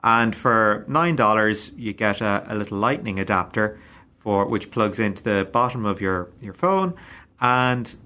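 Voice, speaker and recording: A man co-hosting a chat show, laying out the other side of the argument in a measured, patient way. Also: lowish voice, expressive, sharp tone. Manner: measured, patient, plays devil's advocate. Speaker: co-host. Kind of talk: casual debate chat.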